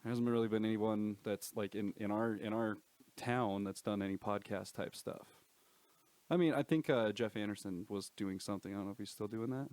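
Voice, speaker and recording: Dude hosting a chill podcast, swears a lot, dry room, no echo. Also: male voice, fairly low pitch, brisk, a little mellow. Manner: laid-back, rambling, swears casually. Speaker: podcast host. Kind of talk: casual podcast chat.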